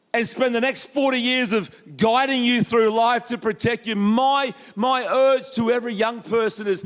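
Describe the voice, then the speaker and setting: A man preaching a lively sermon as pastor, acting out quoted voices with jokey asides. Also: very high-pitched. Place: church hall.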